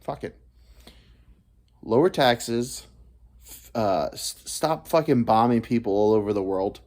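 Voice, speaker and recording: A man's voice: mid-range voice, lively intonation, a little slow, a little mellow. A man in his thirties, vlogging a rambling, profane comic monologue that drifts between topics. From United States. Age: 30s. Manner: profane, meandering, self-deprecating.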